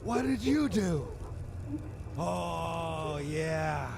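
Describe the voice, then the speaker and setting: An actor playing a bitter, weary father who argues with his wife, resentful and breaking into shouts. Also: fairly high pitch, expressive, very slow, vocal fry, a loud crowd, heavily acted. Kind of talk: game voice acting. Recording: under loud game noise.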